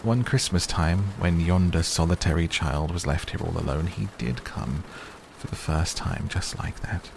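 A man's voice: sits low, moderate pace, vocal fry, noisy background. A man voicing an old male miser who talks between laughing and crying. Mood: excited. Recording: steady rain sounds behind.

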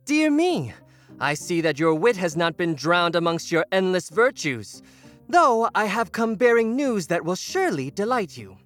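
A scheming young storm god, put on by a woman in an audio drama. He speaks with sly, mock politeness and a lively, swinging voice. Soft music plays underneath. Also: on the low side, measured pace. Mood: mock-polite.

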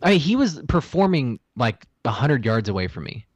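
A man with a very lively, up-and-down voice trades dry, sarcastic jokes as a podcast guest. His speech is close and dry, with no room echo. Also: mid-range voice, moderate pace, lo-fi sound. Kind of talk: casual chat.

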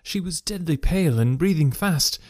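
Male story narrator, measured and dramatic; fairly high voice, dry close recording. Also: animated, darkish tone, dry recording. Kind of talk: scripted first-person story narration.

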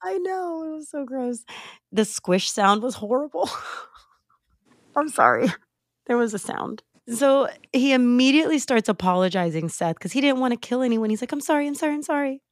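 A young woman hosting a podcast from home, retelling a movie plot in a casual, animated way, with sighs and laughs. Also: on the high side, moderate pace, no echo, studio quality. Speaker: podcast host. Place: home, late at night. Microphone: remote call recording.

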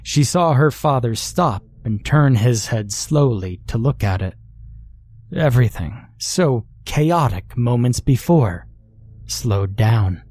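A man narrating a horror story in a slow, measured, dramatic storytelling style. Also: medium pitch, lively intonation, darkish tone, breathy edge, dry recording.

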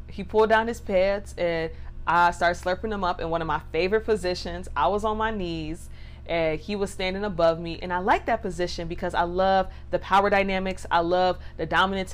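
A young woman hosting a podcast, telling a personal story in a candid, playful way with drawn-out cooing sounds. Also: on the low side. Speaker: podcast host. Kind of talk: casual storytelling monologue.

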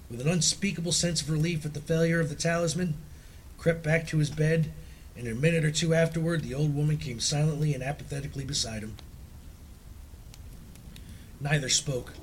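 A man reading a ghost story with suspense. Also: slight background noise. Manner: suspenseful, dropping low and quiet at tense moments.

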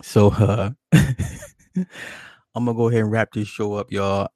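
A man's voice: lowish voice, steady tone, unhurried, mellow, no echo, clean studio sound. A man hosting a call-in show, telling a childhood story in a laid-back, profane way and laughing often. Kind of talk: casual late-night call-in storytelling.

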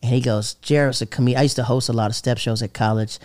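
A stand-up comedian from the American South tells a rambling, casual story packed with "like," acting out the voices of the people in it. His mid-range voice is fast, flat, and a little mellow, captured in a dry, studio-quality recording.

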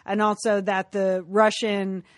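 A woman co-hosting a podcast in casual chat, lively and laughing often. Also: mid-range voice, measured pace, no room sound, clean studio sound. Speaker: podcast co-host.

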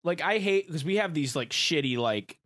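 A man's voice: on the high side, moderate pace, no echo, clean studio sound. A young man with a Michigan accent, hosting a podcast in loose, profane casual chat. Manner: loose and profane, lively intonation. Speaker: podcast host.

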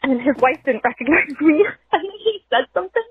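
A woman leaving a voicemail, telling a story in a loud, chatty way and laughing as she goes. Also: high-pitched, lively intonation, brisk. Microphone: phone. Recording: tinny phone voicemail.

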